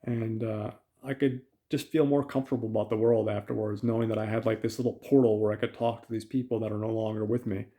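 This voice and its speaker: A man's voice: fairly low pitch, level tone, fast talker, few pauses, mellow. A man hosting a podcast, casually retelling a film's plot with lots of fillers and quoted lines. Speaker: podcast host. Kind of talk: casual film recap.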